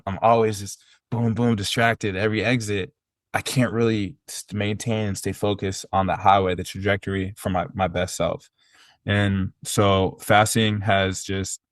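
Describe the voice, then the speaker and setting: This man is a personal trainer on a podcast, telling a relaxed, sincere story full of fillers and false starts. He speaks at a normal pace in a low, flat voice with no echo.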